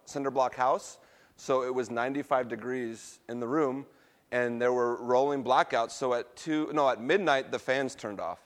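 Man preaching a conversational sermon. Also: medium pitch. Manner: conversational storytelling, laughs at himself. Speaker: pastor.

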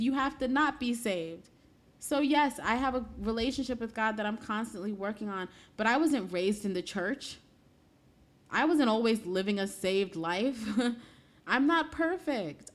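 A woman speaking earnestly to her viewers in a conversational faith talk, often dropping soft and low when heartfelt. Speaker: Christian speaker.

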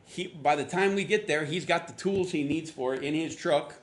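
A man preaching a sermon, telling a personal story in a casual, conversational way and acting out the dialogue. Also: normal speed. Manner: conversational storytelling, acts out quotes with rising pitch. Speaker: pastor.

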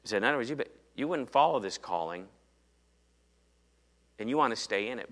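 A man preaching a sermon, retelling Bible stories with animated storytelling and acting out the dialogue. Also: medium pitch, a little fast, pauses often.

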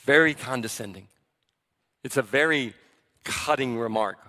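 A man preaching a sermon as pastor, in a conversational, animated way that acts out the people he quotes. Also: mid-range voice, unhurried, long reverb tail. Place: church sanctuary.

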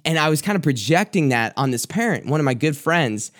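A man's voice: a little high, big pitch swings, a little fast, fairly bright tone. A young man, a youth pastor, telling a candid personal story of his own mistake as a sermon testimony, with lots of casual fillers.

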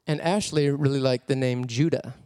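A man preaching a sermon as a personal story, animated and laughing often as he tells it. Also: medium pitch, moderate pace, smooth, no room sound, clean studio sound.

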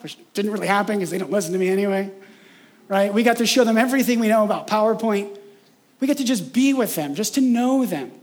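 A male pastor delivering a sermon in a relaxed, chatty way, with a notably high voice. He peppers his points with "right?" and drops into slower, quieter phrasing when he wants something to land. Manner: conversational, frequent "right?" tags, acts out imagined voices.

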